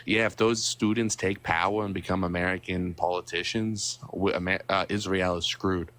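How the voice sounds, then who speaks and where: A man in his twenties calling into a live stream, speaking in a halting, defensive way. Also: low-pitched, fairly even intonation, a bit bright. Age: 20s. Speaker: caller. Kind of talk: casual call-in chat.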